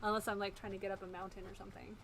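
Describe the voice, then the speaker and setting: Thirtysomething woman streaming a shooter, rambly and jokey, mid pitch, loud game noise behind. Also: little pitch movement, very fast. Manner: chatty, rambling, self-mocking, laughs often. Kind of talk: casual gameplay commentary. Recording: game sound noise in the background.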